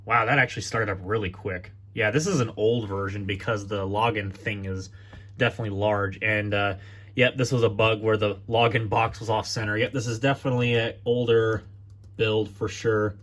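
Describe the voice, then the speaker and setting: Rambling low-voiced man showing laptops. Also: fairly even intonation, moderate pace, fairly bright tone. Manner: rambling, self-correcting, thinks aloud. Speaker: tech vlogger. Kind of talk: casual tech walkthrough vlog.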